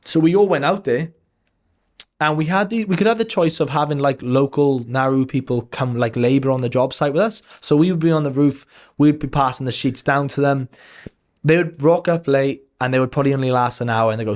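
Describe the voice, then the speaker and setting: A man's voice: medium pitch, brisk. A man, a podcast guest telling a story in a candid, rambling way, with casual swearing and lots of fillers. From Wales.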